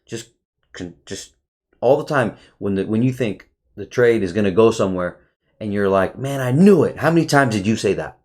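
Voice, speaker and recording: Brief: lower-voiced man, excitable trading teacher, swears freely and calls his viewers bro. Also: normal speed. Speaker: trading educator. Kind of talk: casual screen-share chart review.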